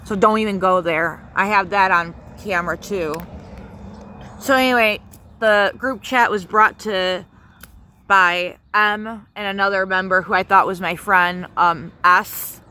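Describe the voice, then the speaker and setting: Brief: woman vlogger, bright and sharp voice, heated rambling rant with lots of swearing. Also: medium pitch, fairly even intonation, unhurried, slight background noise. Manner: angry, profane, many fillers. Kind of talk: casual spoken rant.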